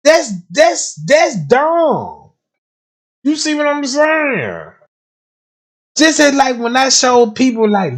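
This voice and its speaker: A man's voice: extremely high pitch, big pitch swings, slow pace, long pauses. A man with a country Southern US accent hosting a livestream, talking casually with a lot of profanity, often repeating words as he stumbles and checking that his listeners follow. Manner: keeps asking listeners if they follow. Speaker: livestream host.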